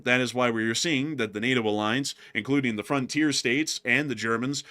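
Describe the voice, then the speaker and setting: A man hosting a casual war news commentary show, talking through headlines with a co-host. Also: medium pitch. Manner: animated, jokes and laughs with co-host.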